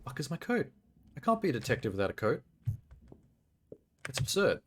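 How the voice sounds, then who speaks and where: A brisk, mid-range male voice gives excitable live-stream commentary on a video game, cursing a lot and cracking jokes about what's happening. Soft background music plays.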